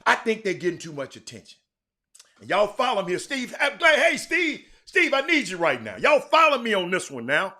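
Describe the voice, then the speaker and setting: A man hosting a live sports talk show, chatting with viewers by name, animated and repeating words as he goes. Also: high-pitched, moderate pace. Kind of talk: live-stream chat with viewers.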